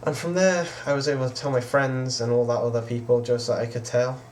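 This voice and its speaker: A man's voice: medium pitch, little pitch movement, brisk, slight background noise. Rambling teenage guy. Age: teens. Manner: casual, rambling, quotes others with "I was just like". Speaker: vlogger. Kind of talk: personal storytelling vlog.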